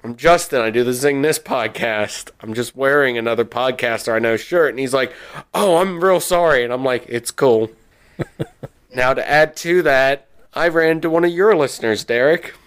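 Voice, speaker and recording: A man's voice: medium pitch, normal speed, a bit bright, clean tone. Rambling podcast storyteller man. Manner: rambling storyteller, many restarts and quoted asides. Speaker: podcast co-host. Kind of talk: casual chat.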